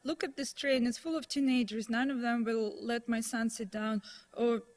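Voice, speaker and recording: Lady doing a polite old dad, embarrassed, high light voice. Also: fairly even intonation, moderate pace, natural voice. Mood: apologetic. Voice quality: polite and apologetic. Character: older father, apologetic and embarrassed.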